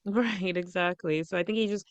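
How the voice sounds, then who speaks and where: A middle-aged woman co-hosts a gossip podcast in a smooth, clear voice on a dry close mic. She is wry, laughs easily and swears freely. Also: lowish voice, moderate pace, dry recording. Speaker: podcast co-host. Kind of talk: casual gossip chat.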